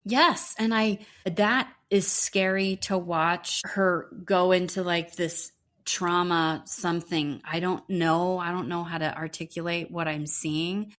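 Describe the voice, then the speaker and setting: A woman's voice: on the low side, steady tone, slow pace, a bit bright. A woman co-hosting a podcast, recapping reality TV in blunt, profane casual chat. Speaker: podcast co-host.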